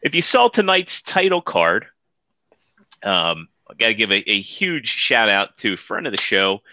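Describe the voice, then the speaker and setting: A man's voice: on the low side, big pitch swings, measured pace, sharp tone, no echo. A man hosting a casual podcast chat, talking loosely with lots of fillers. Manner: loose, rambling, many fillers. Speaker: podcast host.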